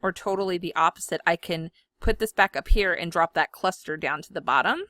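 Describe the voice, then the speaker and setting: A woman, chatting casually from home while she demonstrates design software, giggly and self-deprecating. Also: on the low side, brisk, no echo, clean studio sound. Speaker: scrapbooking video host. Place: home room.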